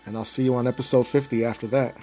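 A man's voice: medium pitch, fairly even intonation, quick pace, music in the background. A young man hosting his own podcast, chatting casually, rambling off script, swearing and laughing often. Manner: laughs a lot, rambling and profane. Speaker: podcast host. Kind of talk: casual solo podcast chat.

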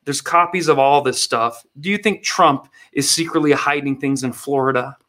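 A man's voice: medium pitch, moderate pace, fairly bright tone. A man hosting satirical political commentary in a mocking, sarcastic way. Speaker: comedy host.

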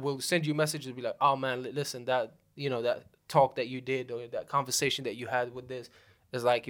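A man's voice: mid-range voice, fairly bright tone. A young man hosting a podcast, chatting casually and loosely with lots of slang and laughter. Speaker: podcast host. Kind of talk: casual chat.

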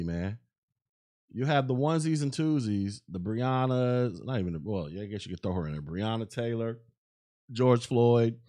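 A man's voice: mid-range voice, darkish tone. A man hosting a solo podcast in a casual, rambling rant, often restarting his sentences and tossing in filler phrases. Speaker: podcast host. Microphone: podcast microphone.

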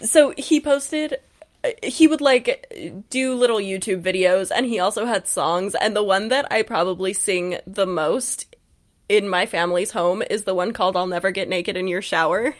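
A young woman co-hosting a podcast in casual chat, animated and laughing as she acts out quotes from a book. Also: mid-range voice, normal speed. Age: young adult. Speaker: podcast co-host recapping a book.

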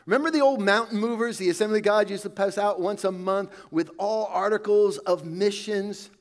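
A man preaching a sermon, telling a story in a conversational way that often sinks to a soft hush. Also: high-pitched, normal speed.

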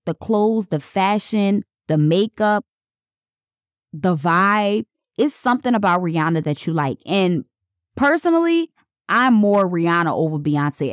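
A woman's voice: medium pitch, no room sound, studio quality. A woman hosting a casual podcast monologue, talking bluntly and emphatically with plenty of swearing. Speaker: podcast host.

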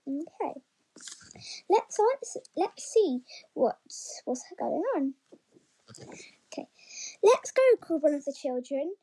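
High-voiced woman reading a picture book. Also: lively intonation, slow, long pauses, dark tone, low-quality recording. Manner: chatty and encouraging, with frequent ums and stumbles. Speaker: story reader for young children. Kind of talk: reading a picture book aloud with pauses for questions.

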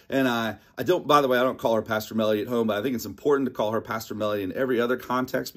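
Animated middle-aged male pastor preaching. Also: on the low side. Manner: animated, emphatic, repeats lines for effect. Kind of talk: sermon.

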